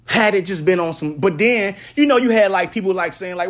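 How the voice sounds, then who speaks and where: Man, podcast host, casual rant, high-pitched, very lively delivery. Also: fairly quick, few pauses. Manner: animated, swings from loud trash talk to low mutters.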